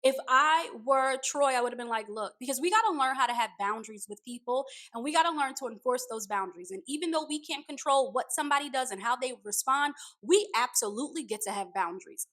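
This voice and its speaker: A woman's voice: sits high, quick pace, few pauses. A woman giving an opinionated, casual recap of a reality show, laughing now and then. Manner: opinionated, animated, laughs often.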